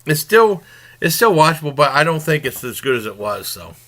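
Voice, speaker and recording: Very animated and fairly quick, this TV show reviewer has a slightly high, somewhat bright voice. He talks informally about a new comedy series, recounting its plot in a loose, meandering manner.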